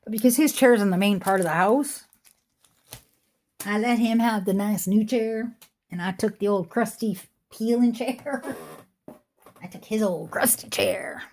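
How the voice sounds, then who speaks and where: A middle-aged online jewelry seller talks casually at home as she shows her pieces, often going off on tangents. Her voice is fairly high and darkish at a normal speed, with a little hiss or hum and a squeaky chair in the room.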